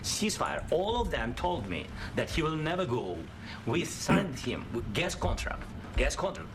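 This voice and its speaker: A man speaking English as a second language in a heated debate, halting and insistent. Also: fairly high pitch, very animated, background noise. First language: not English. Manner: halting non-native phrasing, insistent.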